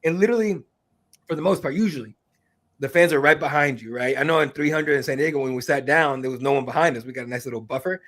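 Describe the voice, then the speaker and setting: A man with a somewhat high voice chats casually on a podcast. He rambles, restarts and drops fillers and the odd swear word as he tells stories about covering fights. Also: quick pace, fairly bright tone. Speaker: MMA reporter, guest.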